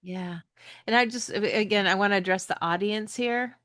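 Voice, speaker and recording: A woman's voice: mid-range voice, normal speed, fairly bright tone, no room sound, clean studio sound. A woman hosting an interview, earnestly speaking straight to her listeners. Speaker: podcast host. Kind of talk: interview hosting, addressing the audience.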